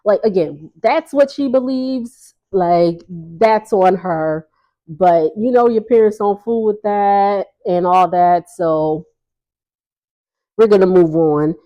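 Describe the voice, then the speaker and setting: A woman's voice: lowish voice, slow pace, dark tone, dull audio. A woman casually recapping a reality TV episode in a chatty, sassy way, laughing often and acting out what people said.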